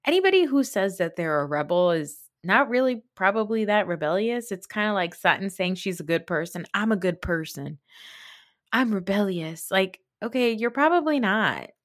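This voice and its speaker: A woman's voice: medium pitch, big pitch swings, moderate pace, few pauses. A woman hosting a podcast, giving a tired, sarcastic, rambling recap of a reality show, swearing now and then. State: tired, late at night. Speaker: podcast host.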